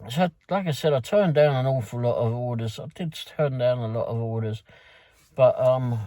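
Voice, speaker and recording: A man with a London accent talks through his shift as a delivery driver, wandering from one detail to the next with plenty of fillers. His voice is mellow and mid-pitched. The sound is dry and close, with no room around it. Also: normal speed, dry recording. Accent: London English. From London, England. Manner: rambling, loose storytelling with many fillers and restarts. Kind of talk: casual recap of a work night.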